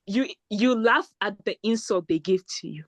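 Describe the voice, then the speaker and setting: A woman from Nigeria, co-hosting a podcast and telling stories in an animated, casual way. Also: mid-range voice, normal speed, no room sound. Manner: animated storytelling. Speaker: podcast co-host. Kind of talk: casual chat.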